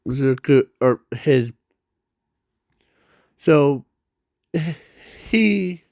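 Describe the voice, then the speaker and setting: A man's voice: medium pitch, lively intonation, a little mellow, no echo, lo-fi sound. A man explaining his fan idea in a casual, rambling way, full of fillers and restarts, breathing hard. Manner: halting, many fillers and restarts. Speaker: fan video creator.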